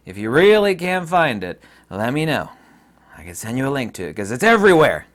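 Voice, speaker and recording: A man's voice: medium pitch, very animated, a little fast, a bit bright. A man from the United States talking straight to his viewers in an emphatic, ranting monologue. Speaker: vlogger. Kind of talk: casual monologue to camera.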